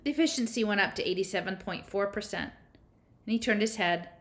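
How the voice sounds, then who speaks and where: A woman's voice: medium pitch, lively intonation, a little fast, fairly bright tone. A woman reading a first-person novel aloud, in a conversational, unpolished way with small slips. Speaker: audiobook reader.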